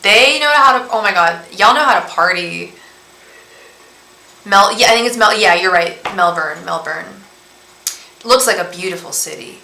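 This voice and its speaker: A woman's voice: medium pitch, normal speed, bright, forceful tone, slight background noise. A young woman hosting a live tarot stream, chatty and rambling as she talks straight to her viewers. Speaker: tarot reader and psychic host. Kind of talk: casual live-stream chat. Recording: roomy room echo.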